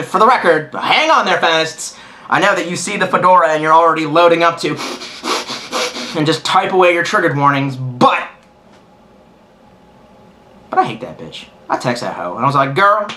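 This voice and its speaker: A young man rambles to camera in a crude, sarcastic, profane way. His voice sits a little high and swings widely in pitch. The tone is bright and forceful. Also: expressive, fairly quick. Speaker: vlogger. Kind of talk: casual rambling monologue.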